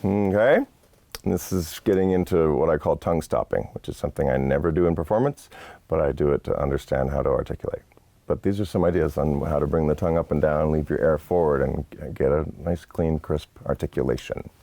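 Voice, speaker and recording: Deep gravelly guy explaining horn articulation, dark dry sound. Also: no echo. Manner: patient, explanatory, casual asides. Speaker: horn teacher. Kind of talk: instructional lesson. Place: studio set.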